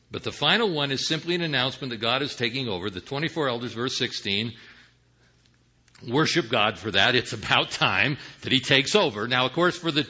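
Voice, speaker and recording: A man preaching a sermon, teaching Bible passages with rhetorical questions, swinging from hushed asides to emphatic calls. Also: medium pitch, slightly rough. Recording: dull lo-fi sound.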